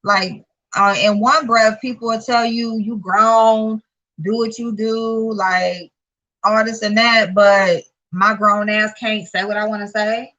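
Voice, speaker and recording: A woman's voice: medium pitch, fairly even intonation, a little slow, sharp tone, muffled recording. A woman, a channel host giving casual, profane commentary, blunt and sassy, rising to exasperated outbursts. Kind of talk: casual live-stream commentary.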